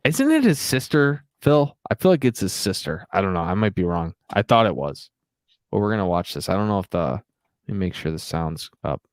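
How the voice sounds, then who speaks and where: A man's voice: low-pitched, sing-song, brisk, no echo. A young man hosting a casual podcast, rambling and laughing a lot as he talks. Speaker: podcast host. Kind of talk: casual chat.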